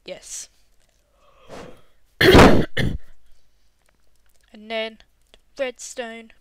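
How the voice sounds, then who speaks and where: A woman's voice: medium pitch, unhurried, fairly bright tone. A woman casually commenting on her game while building, rambling and easily distracted, now and then breaking into little hums.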